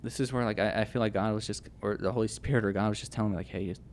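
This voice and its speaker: A young man telling his personal testimony as a podcast guest, earnest and halting, with many restarts and fillers. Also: fairly low pitch, fairly even intonation, a little hiss or hum.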